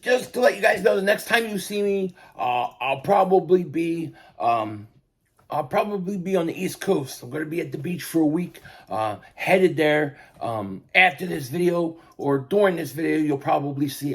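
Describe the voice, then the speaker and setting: An older man giving an impassioned sports fan rant, repeating himself and building to shouts. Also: a little high, animated, moderate pace, breathy edge. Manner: fervent, repetitive, rising to shouts. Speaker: sports vlogger.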